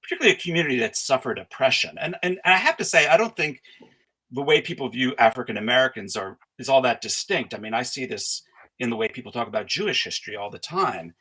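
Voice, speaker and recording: A middle-aged man speaking as the guest scholar in a conversational interview, thoughtful and halting, with frequent restarts and fillers. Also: medium pitch, expressive, bright, forceful tone, husky, low-quality recording.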